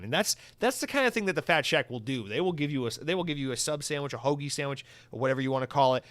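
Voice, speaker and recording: A man's voice: mid-range voice, animated, very fast, few pauses, fairly bright tone, no echo. A young man hosting a solo podcast, rambling and swearing with comic exaggeration. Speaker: podcast host.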